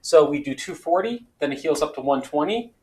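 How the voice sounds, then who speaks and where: A man with a fairly high voice hosts a board game session. He reads rules slowly and tells stories with lively, acted-out quotes. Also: poor audio. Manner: animated storyteller, acts out quoted voices. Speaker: board game player and host. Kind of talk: casual chat, reading game rules.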